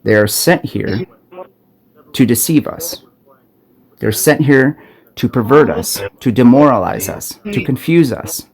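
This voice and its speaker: A man's voice: medium pitch, animated, measured pace, pauses often, darkish tone. A man from Arizona recording on his smartphone, delivering an urgent, profane spiritual warning with frequent stumbles and restarts. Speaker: self-made video preacher. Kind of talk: impassioned spiritual warning monologue.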